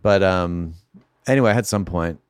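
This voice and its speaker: A man's voice: low voice, moderate pace, clean tone, no echo. A man guesting on a podcast in a casual chat, talking in a dry, wry, self-deprecating way.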